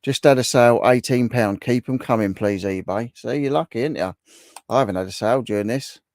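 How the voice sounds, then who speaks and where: A man's voice: mid-range voice, brisk, a little mellow, no echo, clean studio sound. A man hosting a casual livestream, reading viewer comments aloud and chatting with them in a bantering, repetitive way. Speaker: livestream host.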